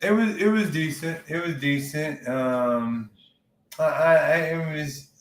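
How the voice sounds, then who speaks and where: A man's voice: on the high side, slow pace. A man co-hosting a casual chat about wrestling, opinionated and rambling, swearing freely. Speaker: podcast co-host. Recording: roomy echo.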